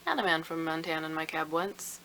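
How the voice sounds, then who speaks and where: A woman reading the lines of a blunt, chatty male cab driver in a storybook excerpt, in her own low, bright voice. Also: a little fast, low-quality recording.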